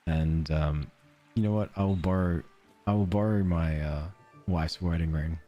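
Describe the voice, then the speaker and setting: The audio has its high frequencies cut off, with soft background music, as a low-pitched Australian man streams a game at a moderate pace. He chats loosely with viewers, rambling, self-deprecating, often chuckling, and reading chat aloud.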